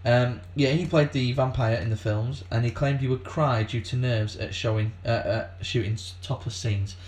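A man's voice: medium pitch, steady tone, normal speed, darkish tone. A man co-hosting a casual comedy podcast, rambling through facts with lots of fillers and swearing. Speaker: podcast co-host.

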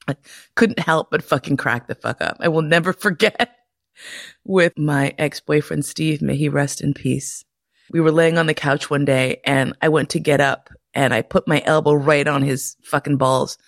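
A woman hosting a podcast, telling candid personal stories in a profane, animated way and laughing often. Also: sits low, vocal fry, no room sound, clean studio sound. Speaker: podcast host. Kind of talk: candid personal storytelling monologue.

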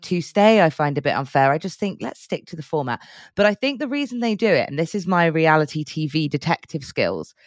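A woman's voice: low voice, very animated, a little fast, dry recording, clean studio sound. A woman from Britain co-hosting a podcast, chatting casually and animatedly, laughing often and trying out silly impressions. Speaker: podcast co-host. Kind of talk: casual chat.

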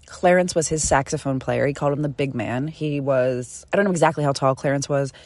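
A woman telling a personal story in a casual, animated, chatty way, with the odd swear. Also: extremely low pitch, brisk, no echo.

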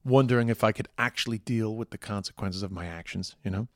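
Irish guy in his 40s, kinda low voice, rambles, swears a lot, dry close sound. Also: fast talker, no echo. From Ireland. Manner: rambling, emphatic, swears freely. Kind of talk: casual monologue.

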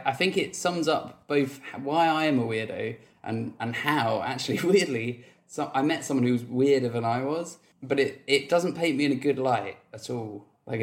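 Pub-podcast guest, man, laughing storyteller, loose and rambling. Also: medium pitch. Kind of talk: casual chat, storytelling.

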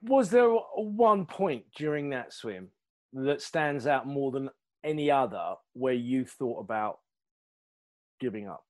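A man's voice: medium pitch, animated, slow pace. A man hosting a podcast, asking questions in a friendly, chatty way, often stumbling and repeating words. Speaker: podcast host. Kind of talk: casual interview.

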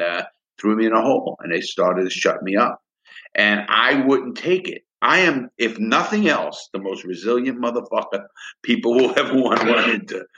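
A middle-aged former prisoner, appearing as an interview guest, tells a heated, emotional story about his time inside using blunt, profane language. His lowish voice sounds bright and forceful, though the audio is dull.

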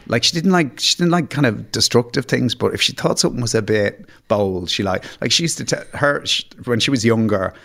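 A man recounts funny family stories as a podcast guest. His delivery is self-deprecating and full of stammered restarts. His voice sits at a middling pitch for a man. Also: expressive, a little fast, gravelly, few pauses, fairly bright tone. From Ireland. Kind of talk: anecdotal storytelling.

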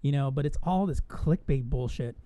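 A man's voice: medium pitch, normal speed, dark tone. A man co-hosting a casual podcast, ranting with a lot of swearing and frequent laughs. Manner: profane, ranting, laughs often. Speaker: podcast co-host. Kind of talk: casual chat.

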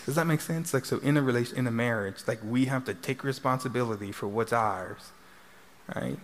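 A man's voice: medium pitch, a little fast. A middle-aged man, a couples therapist speaking to a live audience in a chatty way, tagging sentences with "right?". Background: audience laughter.

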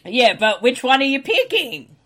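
A woman's voice: high voice, normal speed. A woman co-hosting a casual movie commentary with wry, blunt remarks. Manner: wry, swearing, animated. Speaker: podcast co-host.

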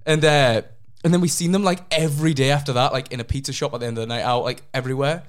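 A young man, telling a rambling story on a casual podcast, his voice jumping up in pitch when he gets excited. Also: fast. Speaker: podcast co-host. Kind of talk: casual chat.

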